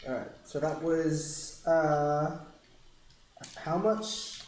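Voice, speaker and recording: A man's voice: fairly high pitch, steady tone, extremely slow, darkish tone. A man playing in a tabletop game, chatting casually and playfully. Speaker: player. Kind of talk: casual chat. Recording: echoey noisy room.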